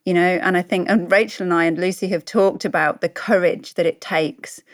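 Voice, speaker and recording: Sniffly woman host, lowish voice, rambly, dry mic. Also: fairly even intonation, normal speed, no room sound. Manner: warm-hearted, rambling, self-deprecating. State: sniffly, stuffy nose. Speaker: podcast co-host. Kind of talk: reflective interview talk.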